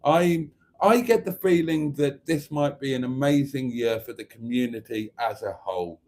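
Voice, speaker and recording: A man's voice: medium pitch, normal speed, a little mellow. A man hosting a casual livestream, reading viewer messages aloud in a camp, joking way. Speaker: livestream host. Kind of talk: casual live chat reading comments.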